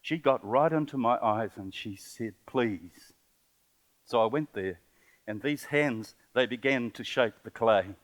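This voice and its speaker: An older man from New Zealand with a mid-range voice tells a heartfelt personal story at a conference seminar. He is a poet and sculptor, and his impassioned talk comes out emotional, halting and earnest, with rising bursts.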